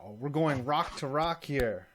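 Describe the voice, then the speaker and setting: A man's voice: a little high, expressive, slow pace, crowd noise. A man hosting a live-streamed sports talk show, ranting hot takes with lots of swearing in casual banter.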